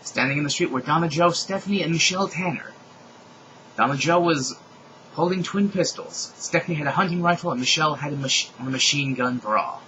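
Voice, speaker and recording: A young man doing a comedic dramatic reading of a fan story, with animated delivery, shouted dialogue and mocking asides. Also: on the high side, brisk, muffled recording, a little hiss or hum.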